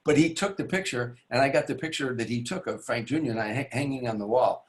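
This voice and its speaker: Talking fast in a mid-range voice, a comedian on an interview relates an extended show-business anecdote. He meanders with frequent restarts and asides, performing the characters as he goes.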